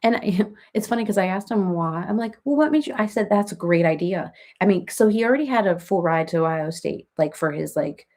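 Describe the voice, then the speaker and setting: A woman's voice: medium pitch, expressive, fairly quick, few pauses, darkish tone, lightly acted. A woman playing a rambling, chatty reality-TV woman in a comedic parody livestream, who baby-talks her cats and answers viewers by name.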